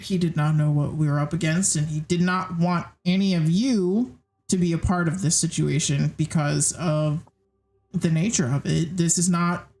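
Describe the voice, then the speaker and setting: Woman game master, casual tabletop narration, lots of ums, lowish voice. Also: steady tone, moderate pace, darkish tone. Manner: casual, hesitant with many fillers.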